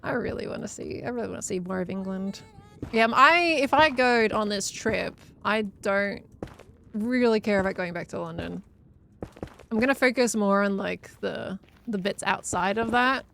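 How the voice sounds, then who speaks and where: A woman's voice: mid-range voice, moderate pace, creaky, fairly bright tone, a little hiss or hum. An Australian woman from Victoria chatting casually on a gaming live stream, laughing often and answering chat as she plays.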